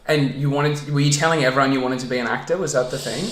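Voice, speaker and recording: Brief: relaxed male podcast host, friendly prompting questions, middle pitch, roomy recording. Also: fast. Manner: easygoing, prompts with questions, laughs often. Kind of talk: casual podcast interview. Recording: roomy echoey room.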